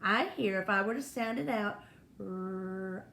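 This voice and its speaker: A woman's voice: a little high, a little fast, vocal fry, sharp tone. A woman teaching a first-grade spelling and phonics lesson, speaking patiently and encouragingly to young children. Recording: echoey room with faint noise.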